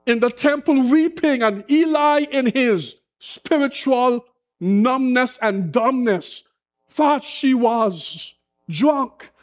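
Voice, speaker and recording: A man preaching a sermon as pastor, slow and impassioned with dramatic pauses. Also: extremely high pitch.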